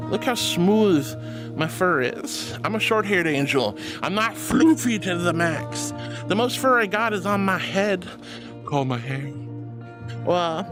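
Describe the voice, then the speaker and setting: A woman hosting a casual live stream, bubbly and affectionate as she greets viewers and reads chat aloud. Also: a little high. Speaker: livestream host. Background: background music.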